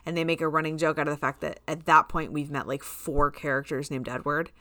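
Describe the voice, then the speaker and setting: A woman's voice: low-pitched, fairly quick, dry recording. A woman co-hosting a podcast in casual chat, telling stories and acting out quoted lines. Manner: animated storyteller, acts out quoted lines. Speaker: podcast co-host.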